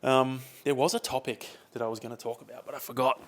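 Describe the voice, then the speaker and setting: A man's voice: medium pitch, steady tone, fast. A young man, chatting casually and rambling on his own podcast. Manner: rambling, chatty, uses slang like mate and dude. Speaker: podcast host. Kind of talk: casual solo podcast chat.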